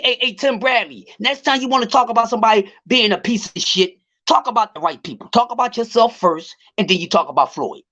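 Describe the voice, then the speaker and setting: This boxing commentary vlogger's voice is high-pitched with a sharp edge. Heated and swearing on a casual livestream, he keeps drawing out and repeating words while building his argument about boxing.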